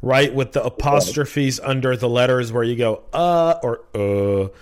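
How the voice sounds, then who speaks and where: Male podcast host, chatty and rambling, mid-pitched. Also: steady tone, moderate pace. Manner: chatty, rambling, repeats words. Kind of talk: casual podcast interview.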